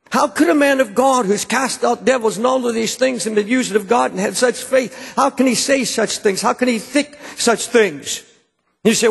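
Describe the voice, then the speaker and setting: A man's voice: high-pitched, creaky, breathy edge. A man preaching a sermon to a congregation, often stammering and repeating words as he presses a point. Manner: repeats words when stirred, stammering restarts. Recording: long hall reverb.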